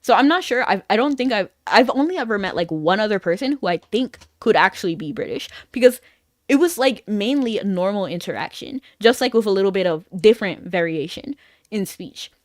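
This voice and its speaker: Chatty animated woman streamer. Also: mid-range voice, a little fast, dry recording. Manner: chatty, rambling, laughs often. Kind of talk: casual chat while playing an online game.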